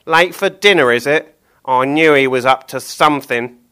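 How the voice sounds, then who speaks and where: A man voicing a dim, horrible grown butcher in a loud, high, gloating put-on voice while reading a children's book aloud. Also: normal speed, smooth, lightly acted. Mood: sly. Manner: loud, high, gloating cockney-ish villain voice.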